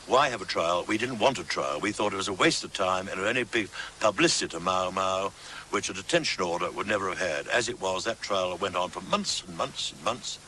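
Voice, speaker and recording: A man's voice: low-pitched, a little fast, sharp tone, slight background noise. A man in an interview speaking bluntly and candidly. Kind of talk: interview answer.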